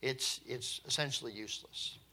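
A man's voice: mid-range voice, moderate pace, bright, forceful tone. A man preaching a sermon in a conversational, emphatic way, with light chuckles now and then.

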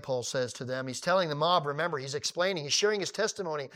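A man preaching a sermon, animated, retelling a story and acting out the people in it. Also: a little high, fast. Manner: animated, acting out quoted dialogue.

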